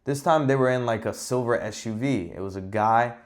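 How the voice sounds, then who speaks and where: Podcast host, man, mid-pitched, animated profane rant, exasperated. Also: fairly quick. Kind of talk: casual ranting monologue.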